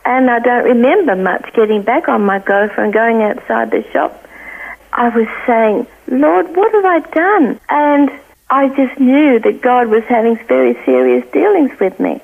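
An older woman from Australia tells her story down a phone line that sounds tinny and thin. Her voice sits a little high with a gravelly, creaky edge. She tells it earnestly and brings each quoted voice to life. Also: lively intonation, normal speed. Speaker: guest. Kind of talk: telling a personal story.

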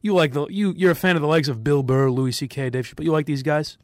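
A man's voice: fairly high pitch, fast talker, no room sound, pitched below the performer's own voice, lightly acted. A man imitating a pushy male friend who insists on showing him a comedy bit, in an eager, salesman-like way.

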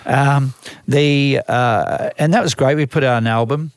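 A man's voice: mid-range voice, a little slow, smooth, no room sound, studio quality. An older man with an Australian accent, a music manager telling long stories in an interview, with many restarts and repeated words. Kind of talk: storytelling interview.

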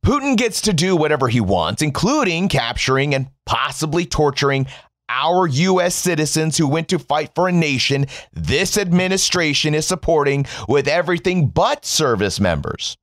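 A man's voice: fairly high pitch, expressive, normal speed, a bit bright, dry recording, clean studio sound. A man giving a sarcastic, mocking political rant, emphatic and swearing freely. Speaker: commentator.

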